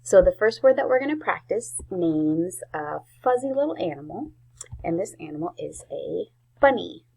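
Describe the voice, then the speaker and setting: A woman teaching a spelling lesson to young children, slowly sounding out each word. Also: on the low side, sing-song, warm tone, poor audio. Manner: slow, clear sounding-out of words. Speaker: first grade teacher.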